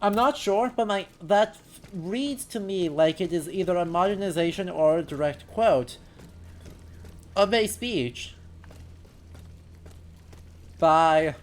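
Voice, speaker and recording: Man, live game stream commentary, musing, slightly high voice. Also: lively intonation, slow pace, pauses often. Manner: musing, self-correcting, chatty with chat. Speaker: history streamer. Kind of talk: casual live gameplay commentary.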